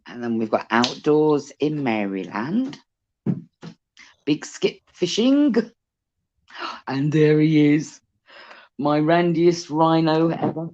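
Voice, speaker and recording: A chatty British speaker with a cheeky, teasing way of talking who loves telling a story. The pitch swoops up and down with every line. It comes over a video call that sounds muffled and lo-fi. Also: animated, slow pace, long pauses, a little mellow. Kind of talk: casual chat.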